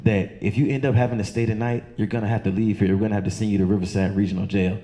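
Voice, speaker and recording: A man from doing loose, profane stand-up storytelling on a comedy club stage, jumping into high squeaky voices for the people in his story. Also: fairly even intonation, racing, mellow. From Chesterfield County, Virginia.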